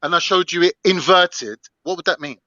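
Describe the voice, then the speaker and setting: A man's voice: high voice, normal speed, bright, forceful tone, dry recording. A man on a live debate panel, arguing his point through everyday examples. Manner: argumentative, explains by analogy. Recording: dry dull lo-fi audio.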